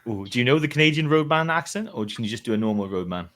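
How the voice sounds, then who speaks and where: A man's voice: mid-range voice, expressive, quick pace, fairly bright tone. A man hosting a podcast in casual, chatty talk, laughing easily. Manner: chatty, laughs often, restarts. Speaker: podcast host. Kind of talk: casual chat.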